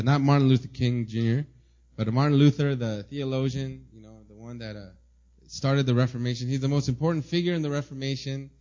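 A man preaching a sermon to a congregation, reading quotations slowly and with emphasis, with the odd "uh" between thoughts. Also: mid-range voice, darkish tone, dull audio. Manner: reads quotes slowly and emphatically, with filler "uh".

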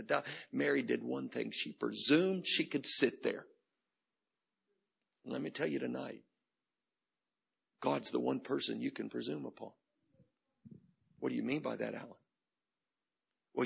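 A man's voice: mid-range voice, gravelly, slightly rough. A male preacher giving a sermon in a conversational, humorous way, repeating phrases for emphasis.

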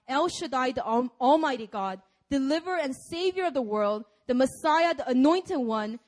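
A young woman preaching a sermon in a casual, conversational way, laughing often. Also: high voice.

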